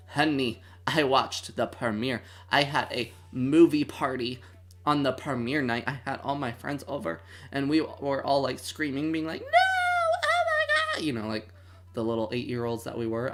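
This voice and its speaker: Expressive and medium-pitched, this twenty-something streamer's voice moves at a moderate pace. During a livestreamed movie watch-along, they keep the chat relaxed yet theatrical, full of fake outrage.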